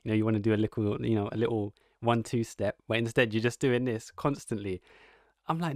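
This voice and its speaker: A man's voice: on the low side, steady tone, brisk, dry recording, clean studio sound. A man giving casual, rambling reaction commentary, amused and musing aloud as the host.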